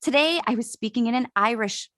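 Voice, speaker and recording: An American woman in her late thirties, co-hosting a podcast and telling stories in an animated, profane, laughing way. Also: fairly high pitch, brisk, no echo, studio quality. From United States. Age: late 30s. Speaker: podcast co-host. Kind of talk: casual storytelling chat.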